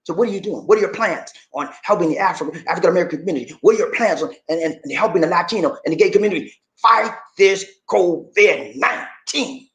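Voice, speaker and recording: A man preaches his vlog rant in a high, lively voice that climbs and drops. He repeats phrases for emphasis and sometimes shouts. The room around him rings with echo. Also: fast talker, hardly any pauses. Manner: preachy, repetitive, swings between shouting and sighing. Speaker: YouTube dating channel host.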